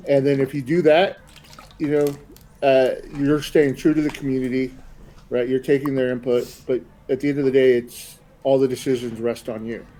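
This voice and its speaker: A man hosts a relaxed podcast chat in a mellow, warm-toned voice. He rambles easily and offers friendly advice with plenty of fillers. His pitch sits at an ordinary middle level. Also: normal speed, rough recording. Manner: easygoing, rambling, gives advice with many fillers. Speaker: podcast host.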